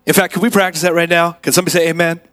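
A male preacher with a slightly raised pitch works the congregation, trading call-and-response with them. He drops to quiet asides and then rises to big shouted exclamations as he tells his story. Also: level tone, rapid-fire, a faint crowd. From Atlanta area. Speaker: guest preacher. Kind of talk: energetic sermon with call-and-response. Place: church sanctuary.

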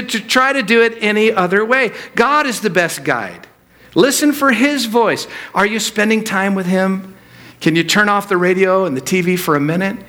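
A male pastor preaching a sermon at a church service, swinging between loud emphatic peaks and quiet low asides.

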